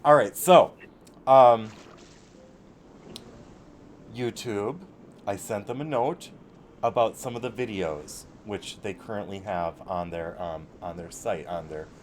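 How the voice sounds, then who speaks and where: A low-voiced man hosts a casual live-stream chat, ranting bluntly and swearing freely. A faint hiss sits under his voice. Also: measured pace. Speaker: show host.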